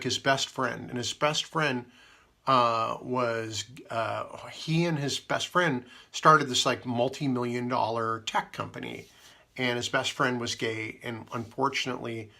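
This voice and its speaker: Gravelly rambling man. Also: mid-range voice, bright, forceful tone. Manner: meandering, full of fillers and asides. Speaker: radio host. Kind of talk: rambling casual radio chat.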